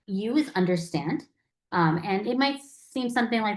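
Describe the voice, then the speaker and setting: A woman's voice: medium pitch, animated, moderate pace, roomy sound. A woman teaching a lecture in a conversational way, acting out quoted phrases as she goes. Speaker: palliative care educator.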